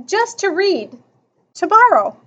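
A woman's voice: very high-pitched, big pitch swings, takes it slowly, fairly bright tone, muffled recording, pitched above the performer's own voice, exaggerated voice. A woman reading a story aloud, voicing a scruffy young boy who keeps begging to borrow a book. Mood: pleading. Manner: begging, insistent.

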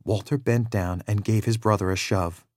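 A man's voice: fairly low pitch, fairly even intonation, normal speed, a little mellow, no echo, clean studio sound. Man reading a children's story aloud. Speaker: narrator. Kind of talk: storybook read-aloud narration.

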